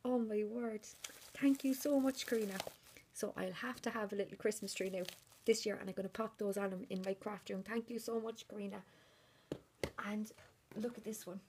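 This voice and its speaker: A woman, gushing over handmade gifts in a casual unboxing vlog and often dropping into a hushed whisper. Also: medium pitch, fairly even intonation, moderate pace, a little hiss or hum. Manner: repeats delighted exclamations. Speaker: crafter unboxing a swap gift.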